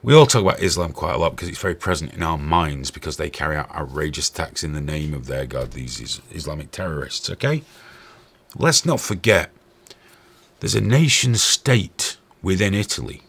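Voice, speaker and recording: A man's voice: extremely low pitch, animated, normal speed, vocal fry, fairly bright tone, slightly rough. A man hosting a stream with angry, profane, sarcastic ranting commentary. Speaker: host.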